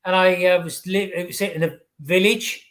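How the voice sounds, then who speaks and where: High-voiced chatty English man. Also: fairly even intonation, fairly bright tone. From England. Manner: chatty, halting storyteller with false starts. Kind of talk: casual chat.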